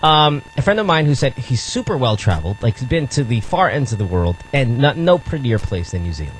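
A man's voice: mid-range voice, very animated, fairly quick, a little hiss or hum, low-quality recording. A man hosting a radio call-in show, joking and rambling as he teases callers in casual banter. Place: radio studio.

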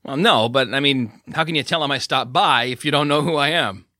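A man voicing a brash, mouthy young man who taunts and shouts in a strained high voice. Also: a little fast, no echo, studio quality, natural voice. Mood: mocking. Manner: shrill, taunting, shouting often. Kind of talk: audiobook character reading.

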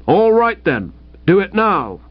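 A man reading the part of a stern, domineering middle-aged aunt who scolds with frozen calm. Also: high voice, slow, breathy edge, dry recording, lo-fi sound, pitched above the performer's own voice, exaggerated voice. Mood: scolding.

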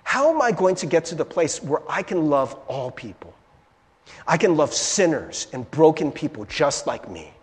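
Long reverb from a large hall surrounds this male pastor as he preaches in a church sanctuary. His voice is a little high and his pace moderate, and he keeps the sermon animated and conversational with frequent "right?" check-ins.

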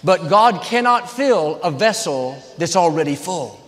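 A man's voice: on the high side, lively intonation, a little slow, fairly bright tone, big-room sound. A man preaching a sermon as a pastor, earnest and building to emphatic peaks.

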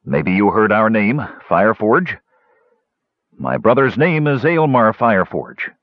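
A man voicing a gruff, proud older male dwarf who speaks indignantly. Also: on the low side, very animated, unhurried, no room sound. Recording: dull, dry close recording.

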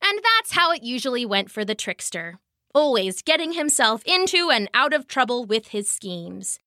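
A woman narrating a mythology story as scripted storybook reading, expressive and measured. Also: fairly high pitch, dry recording, clean studio sound.

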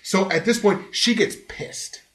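A man hosting a casual podcast, telling a story in a lively, profane way and laughing often. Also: sits high, unhurried, reverberant. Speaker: podcast host.

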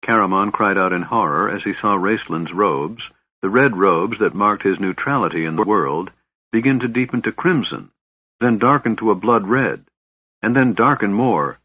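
A man narrating a fantasy novel in a measured, even storytelling voice. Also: fairly low pitch, husky, dry recording. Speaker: audiobook narrator. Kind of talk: scripted narration. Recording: slightly dull, dry recording.

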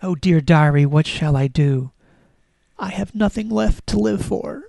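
A sorrowful, melodramatic wheelchair pours out its diary, slow and mournful, in a dry, close sound, read by a woman. It laments its plight in mock-tragic tones at a middle pitch. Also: expressive, gravelly, warm tone, dry recording. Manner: mock-tragic, breaking into giggles. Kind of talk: reading a diary aloud.

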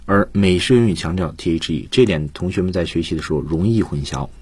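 A man teaching English on a radio lesson, explaining points in a calm, explanatory way. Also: low-pitched, quick pace, breathy edge, no echo. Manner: explanatory, switches between Chinese and English.

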